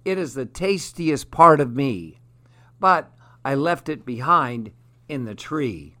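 A man voicing a quick, clever young male monkey in a storybook, pitching his voice up and sounding eager. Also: lively intonation, sharp tone. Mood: pleading.

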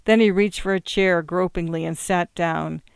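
A narrator reading a story aloud in a measured, expressive way. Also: medium pitch, vocal fry, clean tone, no echo, studio quality. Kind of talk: audiobook reading.

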